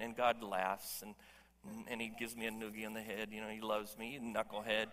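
A man's voice: medium pitch, lively intonation, fast, sharp tone, long reverb tail. A man preaching a sermon as pastor, emphatic and conversational, joking with his congregation. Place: church hall.

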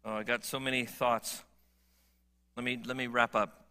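A middle-aged male pastor preaching a sermon, earnest and swinging from emphatic appeals to quiet, low moments. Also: little pitch movement, moderate pace, clear, resonant tone.

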